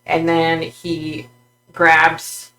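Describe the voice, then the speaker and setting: A woman vlogger recounting a psychic vision in a halting way, with many fillers and restarts. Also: low-pitched, completely flat delivery, pushed and bright, low-quality recording.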